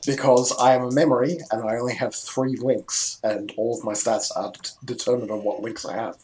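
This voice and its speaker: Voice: mid-range voice, steady tone, fairly quick, a little mellow. Matter-of-fact tabletop player, faint hiss. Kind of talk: casual tabletop game chat.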